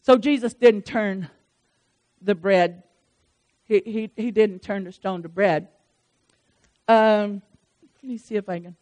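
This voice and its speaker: A woman preacher giving a sermon to a congregation, talking in a lively, conversational way with repeated phrases and touches of humor. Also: mid-range voice, slow pace, pauses often.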